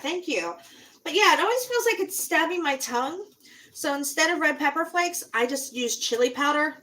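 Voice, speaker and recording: Chatty high-voiced woman cooking at home. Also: a bit bright. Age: adult, parent. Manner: chatty, rambling, talks to viewers while cooking; moves around, sometimes steps away from the mic. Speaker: cooking channel host. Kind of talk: casual cooking livestream chat. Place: home kitchen.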